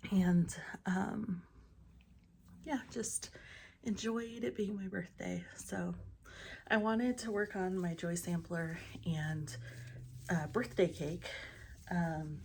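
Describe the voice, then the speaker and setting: A woman's voice: on the low side, fairly even intonation, takes it slowly, pauses often, a little mellow, slight background noise. A woman chatting casually about her stitching projects, rambling with many ums and often dropping into a whisper, in her morning voice. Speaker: cross-stitch vlogger. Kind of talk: casual show-and-tell chat.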